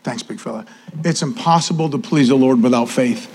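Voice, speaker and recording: A man, preaching a sermon and giving church announcements in an animated, casual way. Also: mid-range voice, fairly quick, slight background noise. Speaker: pastor.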